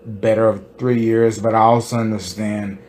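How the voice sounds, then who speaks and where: A podcast host delivering an impassioned monologue, stressing points by repeating them and firing off rhetorical questions. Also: male voice, on the low side, flat delivery, normal speed, a little mellow, slight background noise.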